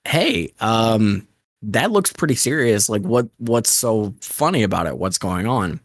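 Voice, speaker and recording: A man's voice: on the low side, lively intonation, a little slow, dry recording. A man voicing a clueless, offhand guy who swears casually, in a voice close to his own.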